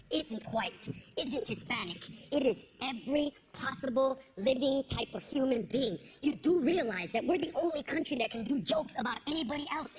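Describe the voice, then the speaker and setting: A woman performing a stand-up comedy set on stage, punching out her lines and slipping into put-on voices for her jokes. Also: fairly high pitch. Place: stage before a live audience. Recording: lo-fi with background noise.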